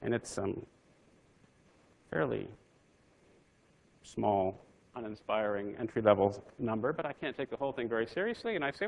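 Gravelly-voiced man telling a wry story. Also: fairly low pitch, animated, normal speed, long pauses, muffled recording. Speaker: physicist telling his career story. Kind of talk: anecdotal talk to an audience.

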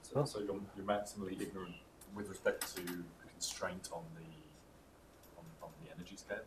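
A man in the audience asking halting questions and repeating his words. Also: sits low, flat delivery, a little hiss or hum, poor audio. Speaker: audience member.

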